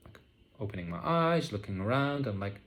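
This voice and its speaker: A vlogger with a low voice shares spiritual experiences in a casual spoken reflection. He speaks slowly and searchingly, with many fillers and restarts, his tone calm and unhurried throughout.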